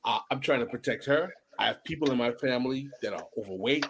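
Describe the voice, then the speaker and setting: A man's voice: mid-range voice, fast, heavy background noise. A middle-aged man hosting a podcast, talking emphatically, telling stories, and repeating his points. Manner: emphatic and animated, repeats himself, tells stories. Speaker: podcast host. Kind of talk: casual podcast chat.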